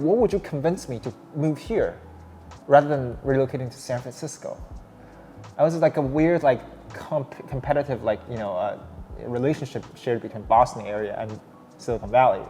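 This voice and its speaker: Young man telling a story in a big echoey room. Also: mid-range voice. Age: young adult. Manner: animated, many restarts and fillers. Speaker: startup founder guest. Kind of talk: casual interview storytelling. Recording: long hall reverb, faint noise.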